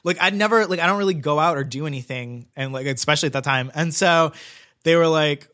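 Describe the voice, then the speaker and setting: Bright-voiced man rambling through a story. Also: a little high, fast talker. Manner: rambling, heavy use of "like", swearing. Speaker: guest telling a story. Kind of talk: casual chat.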